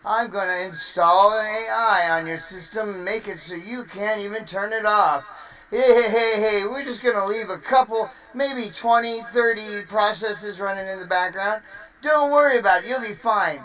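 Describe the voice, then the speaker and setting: A streamer putting on a yelling, insulting Windows. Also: medium pitch, natural voice, rough recording. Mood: smug. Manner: shouting, insulting, rapid-fire. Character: software persona as a pushy bully.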